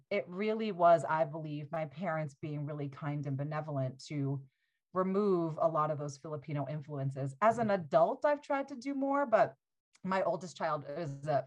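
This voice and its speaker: A woman in her forties, a podcast guest, telling stories in casual talk, animated and laughing often, with many "like" fillers. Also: sits low, normal speed. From United States.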